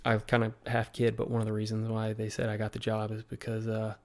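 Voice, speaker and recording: A man's voice: lowish voice, monotone, quick pace. A man with a Southern American accent from Virginia, telling stories as a podcast guest in a rambling, casual way with lots of fillers. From Virginia, USA. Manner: rambling, full of fillers and quoted asides. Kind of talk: casual conversational storytelling.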